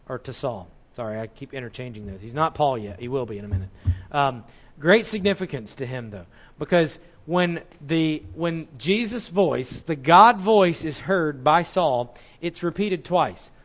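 A man's voice: fairly high pitch, animated, unhurried, fairly bright tone. Man teaching a sermon in a dull recording. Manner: explanatory, corrects himself mid-sentence. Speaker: Bible teacher.

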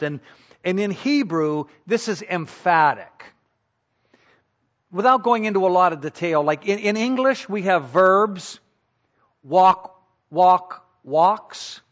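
A man preaching a sermon, teaching slowly and deliberately and repeating key points for emphasis. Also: high-pitched, a bit bright, muffled recording. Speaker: pastor.

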